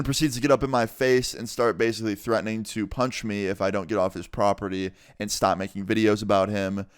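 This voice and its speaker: Young man telling a casual story, low voice. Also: flat delivery, clean tone, dry recording, clean studio sound. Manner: casual, cursing, fast retelling. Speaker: YouTuber. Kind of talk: storytime vlog.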